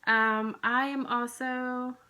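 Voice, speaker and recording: Chatty woman with a bright voice. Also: high-pitched, level tone, slow. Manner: rambling, chatty, lots of fillers. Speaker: flosstube vlogger. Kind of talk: casual chatty haul video.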